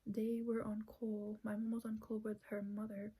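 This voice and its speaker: A woman's voice: mid-range voice, monotone, normal speed, mellow, breathy edge, rough recording. A woman earnestly telling a personal family story, retelling conversations at length.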